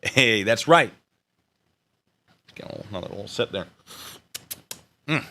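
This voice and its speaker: An American man hosting a casual live stream, joking and chatting with viewers in an animated way that swings between loud bursts and mumbled asides. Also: on the low side, measured pace, long pauses.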